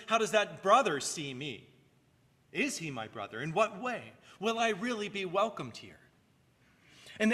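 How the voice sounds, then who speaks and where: A man's voice: sits high, bright, forceful tone, long reverb tail. A male pastor preaching a sermon in an earnest way, rising and falling for emphasis and sometimes repeating a word.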